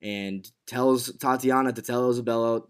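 A man's voice: mid-range voice, normal speed, smooth. Laid-back man rambling through a recap. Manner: relaxed, rambling, many fillers and restarts. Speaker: podcast co-host recapping a TV episode. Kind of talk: casual chat.

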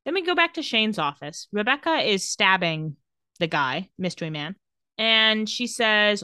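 A woman co-hosting a podcast, recapping a TV episode in casual chat and quickly voicing the characters as she goes. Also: medium pitch, no room sound, studio quality. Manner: animated retelling, quotes characters in quick voices.

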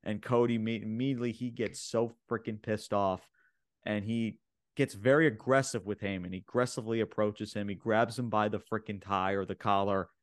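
A man recapping wrestling in casual chat, excitable and stumbling over his words as he repeats himself. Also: fairly low pitch, moderate pace, no room sound, clean studio sound. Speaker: podcast co-host.

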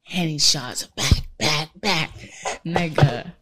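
Profane lively woman telling stories. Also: low voice, takes it slowly. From Barbados. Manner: profane, animated, laughs a lot. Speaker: podcast co-host. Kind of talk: casual chat, storytelling.

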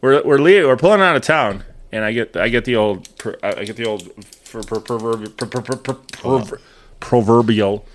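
A man's voice: medium pitch, moderate pace. A man in his thirties telling a funny story in casual chat, swearing freely and acting out the voices of the people in it. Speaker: podcast co-host telling a story.

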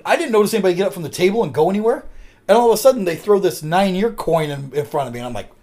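A man's voice: sits high, animated, very fast, a little mellow. A man co-hosting a podcast, telling a rambling personal story in casual chat and swearing freely as he goes. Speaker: podcast co-host.

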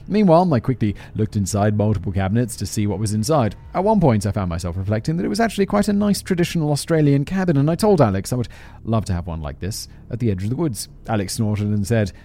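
A man's voice: medium pitch, mellow. A man hosting a podcast, reading a story aloud with sardonic, self-mocking asides and casual swearing, close to the microphone. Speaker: podcast host.

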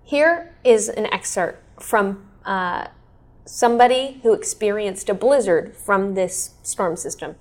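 A woman in her thirties hosting a casual chat, explaining history in a lively, chatty way. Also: medium pitch, slow pace. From Kansas City area. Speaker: weather show host.

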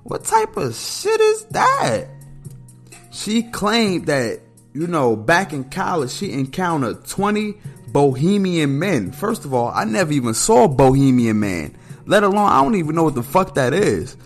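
A man rants through his solo show in a loose, profane way, tossing "man" onto nearly every line. His pitch jumps around a lot, spiking when he is outraged or amused. Faint music plays under his voice. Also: big pitch swings, normal speed. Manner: blunt, profane, ranting with heavy filler "man". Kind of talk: casual solo commentary.

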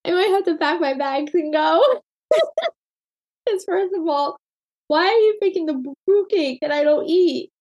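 A woman's voice: very high-pitched, normal speed, long pauses, a little mellow, highs cut off. A woman co-hosting a podcast in casual chat. She laughs constantly and teases her co-host. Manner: giggly, laughs constantly, teasing.

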